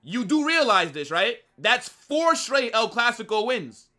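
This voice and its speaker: Animated young man mocking his live chat. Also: very high-pitched, measured pace. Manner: combative banter, mocking chat commenters. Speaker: streamer hosting a football watch-along.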